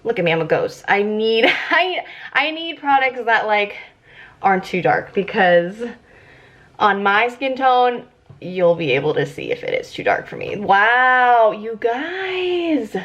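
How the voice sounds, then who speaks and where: A young woman vlogging casually about her makeup, excitable and giggly, chatting as she works. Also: a little high, measured pace. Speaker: beauty vlogger. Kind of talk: casual makeup tutorial chat. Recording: slightly dull lo-fi audio.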